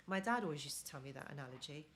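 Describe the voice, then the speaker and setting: A woman's voice: low voice, expressive, racing, a little hiss or hum. A woman with an accent hosting a live stream, talking earnestly and encouragingly straight to her viewers. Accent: non-native accent of English. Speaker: live-stream host and relationship mentor.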